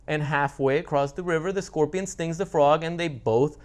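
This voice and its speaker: A man with a voice a little higher than most talks through relationship advice in a loose, casual monologue. He is blunt and swears freely, often stumbling and restarting mid-sentence. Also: moderate pace, a little mellow. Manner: blunt and profane, with frequent restarts. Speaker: relationship coach.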